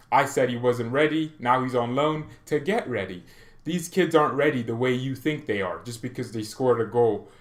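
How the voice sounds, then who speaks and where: A man's voice: medium pitch, echoey room. A man hosting a football fan channel, talking in a rambling, opinionated way, often breaking off and restarting mid-sentence. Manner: rambling, opinionated, self-interrupting. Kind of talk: casual football commentary vlog.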